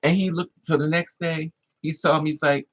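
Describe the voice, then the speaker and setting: A man vlogging, telling a personal story in an animated, emphatic way with plenty of swearing. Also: fairly high pitch, moderate pace, poor audio.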